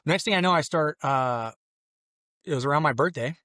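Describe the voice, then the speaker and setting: A man's voice: normal speed, no echo, studio quality. Rambling, earnest man from Mexico. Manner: rambling, earnest storytelling with many restarts and fillers; acts out his own past exclamations in a louder, higher voice. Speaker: podcast guest. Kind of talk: personal conversion testimony in conversation.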